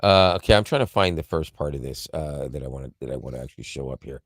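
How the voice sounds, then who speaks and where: Casting: very low-voiced male tech podcaster, loose and rambling, dry close mic. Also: lively intonation, quick pace, dry recording. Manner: rambling, self-correcting, chuckles often. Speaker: podcast co-host explaining tech. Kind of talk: casual tech podcast chat.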